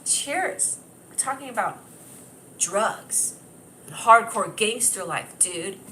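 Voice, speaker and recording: A woman comedian hosting her own livestream, chatting loosely and giggling, often talking loudly and at times yelling. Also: medium pitch, expressive, slow pace, slight background noise, rough recording. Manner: giggly and scattered. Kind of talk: rambling casual livestream chat. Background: piano playing.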